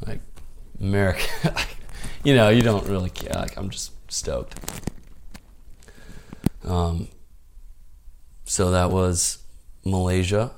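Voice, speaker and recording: Man, podcast guest, casual storytelling, says "like" and "dude" a lot, rough fry in the voice. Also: low voice, slow pace, pauses often, a little hiss or hum. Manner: laid-back, peppered with "like" and "dude"; grows animated and proud as he tells the story.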